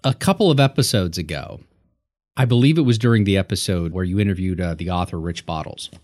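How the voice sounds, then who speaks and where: A man co-hosting a podcast in casual chat, talking in an animated way with lots of restarts. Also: low voice, quick pace. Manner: animated, lively storytelling with many restarts. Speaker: podcast co-host.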